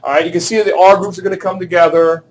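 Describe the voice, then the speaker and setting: His voice sits high with a level tone and a quick pace. This male chemistry teacher works through problems in class, cracking jokes at his own expense and putting questions to students.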